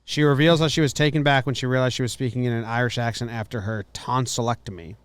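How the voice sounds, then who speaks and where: Skeptical man with a clear, dry voice. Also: medium pitch, fairly even intonation, fast, no room sound. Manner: skeptical, joking. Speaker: podcast host. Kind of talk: casual podcast commentary.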